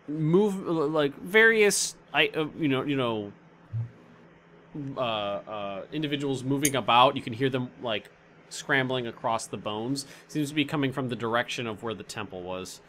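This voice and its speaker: Male game master, bright tone, meandering delivery, faint room hum. Mid pitch. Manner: rambling, restarts often, searches for words. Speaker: dungeon master. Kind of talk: narrating a tabletop game.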